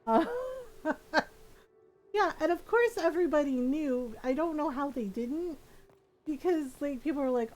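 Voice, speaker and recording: A woman's voice: high voice, moderate pace. A woman streaming a video game, chatting casually, giggling often and acting out the characters' lines. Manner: giggly, animated, acts out character voices. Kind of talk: casual gameplay commentary.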